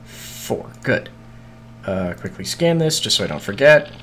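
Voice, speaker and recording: A man's voice: fairly low pitch, sing-song, a little slow, a bit bright, slight background noise. A man streaming a video game, muttering to himself in casual, scattered chatter with frequent swearing and hiccups.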